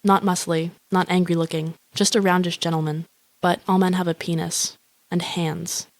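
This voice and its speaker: A woman voicing a flat, morbid young woman. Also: lowish voice, normal speed, no room sound, close to an everyday voice. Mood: deadpan. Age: young adult. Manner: flat, profane, self-absorbed musing. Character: lonely, grandiose, morbid young woman wishing for a shark. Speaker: inner-monologue narrator. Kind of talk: deadpan voice-over monologue.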